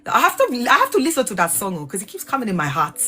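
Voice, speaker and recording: A woman hosting a casual livestream, talking in an animated, digressive way and spelling out sensitive words letter by letter. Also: on the high side, quick pace, slightly rough, faint music behind. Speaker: livestream host. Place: lives in England.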